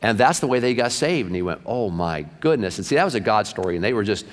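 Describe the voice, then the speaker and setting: A male pastor preaching a sermon through lively anecdotes, acting out the people in his stories. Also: lowish voice, very fast, long reverb tail. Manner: animated anecdotes, acted-out quotes. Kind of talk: sermon storytelling.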